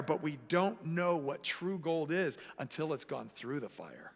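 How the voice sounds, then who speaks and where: A man preaching a sermon as pastor, animated and acting out the voices he quotes. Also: on the high side, unhurried, vocal fry. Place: church sanctuary. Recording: echoey church hall.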